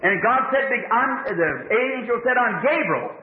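Male preacher, fervent and pleading, high-pitched, thin echoey phone-like recording. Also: animated, normal speed, hardly any pauses, slight background noise. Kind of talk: sermon.

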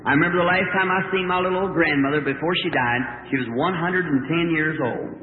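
A man's voice: fairly high pitch, brisk. Man, preacher, homespun rural storytelling, echoey hall, thin phone-like old tape. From southern Indiana, US. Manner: folksy storytelling with rural dialect. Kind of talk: sermon testimony. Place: large meeting hall.

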